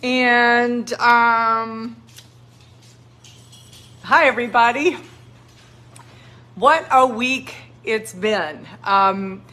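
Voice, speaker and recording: Slow-talking woman cooing at puppies. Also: fairly high pitch, lively intonation, bright, forceful tone. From South Texas. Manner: doting baby talk to puppies, chatty and unhurried. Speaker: dog rescue leader hosting a livestream. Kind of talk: casual live-stream chat.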